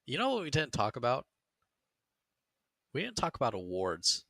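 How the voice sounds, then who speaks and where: A man's voice: mid-range voice, huge pitch swings, moderate pace, gravelly, sharp tone, dry recording. A young man hosting a casual podcast, easygoing and self-deprecating. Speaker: podcast host.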